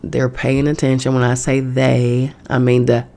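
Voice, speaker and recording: A woman's voice: very deep voice, completely flat delivery, measured pace, warm tone. A woman hosting a podcast, talking bluntly and profanely in a casual spiritual monologue from home. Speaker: podcast host. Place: home in New York.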